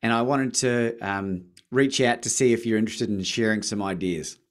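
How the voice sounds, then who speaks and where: A man from Australia with an Australian accent, a podcast guest telling his story in casual chat, lively and acting out phone calls. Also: on the low side, moderate pace. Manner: animated, acts out phone calls with rising excitement.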